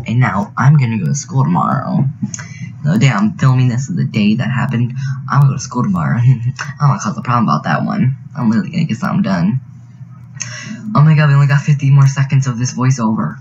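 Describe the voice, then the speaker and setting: In a fairly quick, lively mid-range voice, a teenage boy rambles indignantly through a story full of fillers while narrating a speed build over game footage on YouTube. The casual storytelling voiceover has its highs cut off and a faint hiss or hum.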